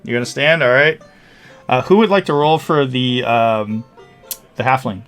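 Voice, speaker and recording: A man in a mid-range voice runs a tabletop game, narrating in a relaxed, hesitant way with plenty of fillers. Faint music plays underneath. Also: medium pitch, normal speed. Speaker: dungeon master.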